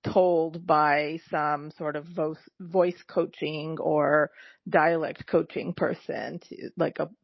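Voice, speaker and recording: Low, gravelly-voiced woman co-host. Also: level tone, slow, no echo, dull audio. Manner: rambling, conversational. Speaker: podcast co-host. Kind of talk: casual chat.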